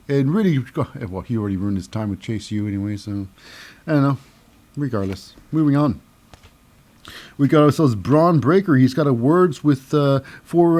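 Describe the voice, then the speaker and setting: A man's voice: medium pitch, a little fast, darkish tone. A man hosting a casual wrestling recap, rambling with lots of fillers and mixing up names. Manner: rambling, many fillers and name mix-ups. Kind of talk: casual solo show recap.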